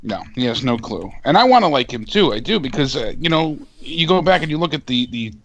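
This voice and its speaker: A man's voice: medium pitch, sing-song, fairly quick, fairly bright tone, muffled recording. A man co-hosting a podcast, joking around and swearing in casual chat. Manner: crude, joking, laughs often. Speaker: podcast co-host. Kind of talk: casual live-stream wrestling chat.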